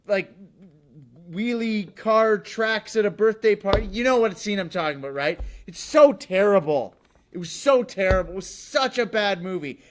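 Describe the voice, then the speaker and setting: A man's voice: high-pitched, fairly bright tone. A male host delivering a comic monologue with sarcastic, jokey asides. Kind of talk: comedic talk show monologue.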